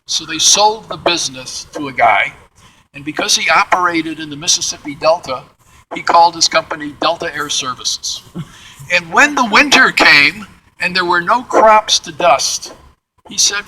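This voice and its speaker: A man leads a museum tour in a big hangar, spinning lively anecdotes. His voice is high and bright. A faint hum of background noise sits under it. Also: moderate pace, rough recording. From Midwestern United States. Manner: animated, acts out quotes in character voices. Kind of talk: storytelling tour talk. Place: large museum hangar, indoors.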